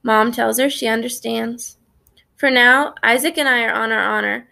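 A woman's voice: on the high side, steady tone, normal speed, creaky, bright, forceful tone. A woman narrating a children's story in the first person, reading expressively. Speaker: audiobook narrator.

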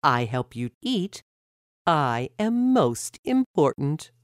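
A woman's voice: sits low, very animated, slow pace, dry recording, clean studio sound, heavily acted. A woman voicing a proud, bossy talking mouth in a children's story, speaking insistently. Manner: insistent, self-important.

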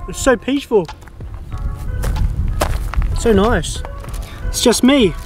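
Chatty high-voiced Australian man. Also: expressive, soft background music. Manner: chatty, easygoing, drawn-out mm sounds while tasting. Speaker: food vlogger. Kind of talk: casual chat to camera. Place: quiet open field outdoors.

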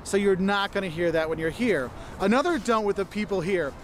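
A man with a notably high voice talks through travel tips in a chatty, explanatory way. Faint noise sits under the voice of the played clip. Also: expressive, fairly quick. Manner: chatty, explains with "okay?" and "look". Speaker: travel video presenter. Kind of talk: scripted travel guide talk.

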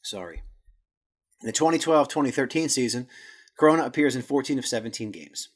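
Husky man reading casual soccer notes. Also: mid-range voice, lively intonation, brisk. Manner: jokey asides, stumbles over Spanish words. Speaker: podcast host.

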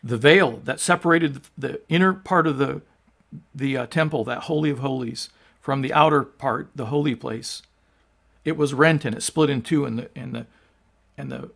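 A man's voice: medium pitch, gravelly, fairly bright tone. A man pastor giving an earnest, emphatic sermon, reading scripture and teaching with restarts along the way. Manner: frequent restarts and fillers.

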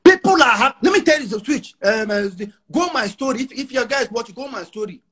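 Nigerian man in his 40s with a Pidgin-laced accent, boastful interview guest, high husky voice with lively swings. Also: brisk. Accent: Nigerian English with Pidgin. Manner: emphatic, repeats himself, mixes in Pidgin.

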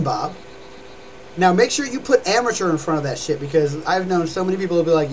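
A young man on a live stream chats his way through how to scream and growl, rambling and demonstrating as he goes. His voice sits on the high side and comes across animated and brisk. The low-quality recording carries a bit of hiss or hum.

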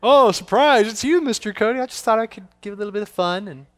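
A man's voice: sits high, expressive, fast talker, fairly bright tone, no room sound, clean studio sound. A man hosting an online kids church show from a theater stage, upbeat and playfully teasing. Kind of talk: presenting to children.

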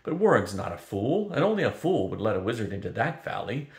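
A man's voice: lowish voice, big pitch swings, a little fast. An older man voicing a stern female dragon, grave and urgent, reading a storybook aloud. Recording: roomy echo.

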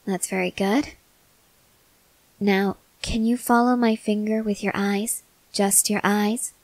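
Whispered role-play: a woman playing a stoic young soldier woman, clipped and composed, slow, mid pitch. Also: fairly even intonation, a little mellow, no echo, low-quality recording. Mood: calm. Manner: composed, clipped, matter-of-fact.

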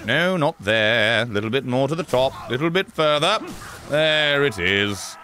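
A man's voice: medium pitch, big pitch swings, unhurried, pushed and bright, a little hiss or hum. A man giving sarcastic, mocking live commentary as a streamer playing a video game.

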